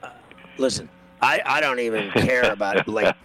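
A man's voice: mid-range voice, normal speed, a crowd in the background, poor audio. A man hosting a sports radio show, telling a long story in a rambling way with lots of stammered restarts. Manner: rambling, stammering restarts, loud when acting out his own yelling.

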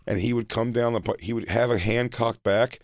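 A man's voice: mid-range voice, fairly quick, dry recording, clean studio sound. A man co-hosting a podcast, telling a story in casual, rambling chat. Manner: rambling, animated storytelling with restarts. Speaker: podcast co-host.

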